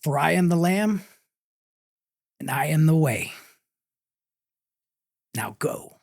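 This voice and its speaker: A man quoting a calm, commanding male divine figure in a solemn, slow delivery. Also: fairly high pitch, gravelly, no room sound, clean studio sound, full character voice.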